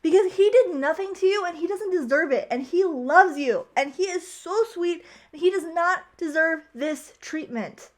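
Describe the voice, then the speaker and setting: A woman's voice: sits high, normal speed. A young woman recapping a movie in a casual, chatty way, opinionated and full of "like". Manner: chatty, heavy use of "like", opinionated. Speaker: vlogger.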